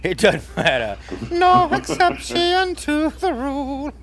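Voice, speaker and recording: Amid crowd noise, a podcast co-host slips into a full character voice, very high-pitched with huge pitch swings, to mimic an older male soul singer for laughs. He calls everyone baby in a smooth, teasing mood, crooning a drawn-out "baby" after each line.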